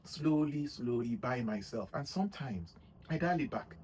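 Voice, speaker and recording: A man's voice: medium pitch, lively intonation, normal speed, darkish tone, a little hiss or hum, poor audio. A man giving casual motivational advice to his viewers, rambling and often adding "you know what I mean.". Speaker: vlogger giving gym advice. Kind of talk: casual motivational talk to camera.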